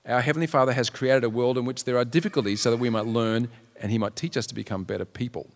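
A man of medium pitch preaches earnestly, his voice trailing into a long hall reverb. He leans into the story, raising his voice for the people in it. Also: steady tone, quick pace. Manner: earnest, acts out quotes in raised voices. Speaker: pastor. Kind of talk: sermon.

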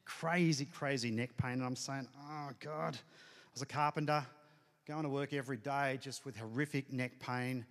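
A middle-aged pastor shares an earnest, emotional personal testimony with his congregation as part of a sermon. His mid-range voice is level, fairly bright and at normal speed, with hall reverb from the church hall.

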